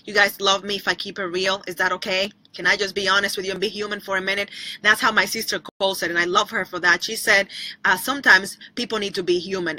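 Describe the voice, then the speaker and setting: A woman's voice: medium pitch, pushed and bright, rough recording. A woman speaking to her online viewers in a chatty, repetitive devotional talk, calling them by name and now and then breaking into a bit of song. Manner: breaks into short bits of singing. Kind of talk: inspirational livestream talk.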